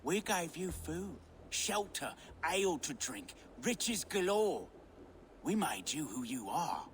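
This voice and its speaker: A smooth, mocking swindler who charms and threatens in the same breath. His voice sits on the higher side and swoops up and down with theatrical flair. It is a video game voice. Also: very animated, slow pace, slight background noise. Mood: sly mocking. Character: sly charming male swindler, middle-aged.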